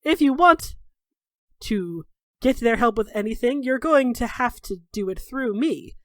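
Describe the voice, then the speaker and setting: A woman's voice: on the high side, expressive, unhurried, no echo. A woman playing a smug dwarf king. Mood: lordly.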